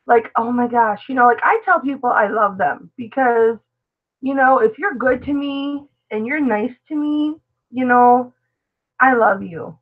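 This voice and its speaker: A woman's voice: a little high, unhurried, narrow, tinny audio. A middle-aged woman hosting a casual live stream, chatty and affectionate, answering viewers as she talks. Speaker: live-stream host, reseller.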